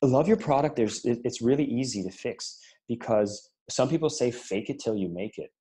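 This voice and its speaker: A man's voice: mid-range voice, moderate pace, warm tone. A man being interviewed on a podcast, telling sales stories with enthusiasm and animation. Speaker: sales and marketing leader, guest.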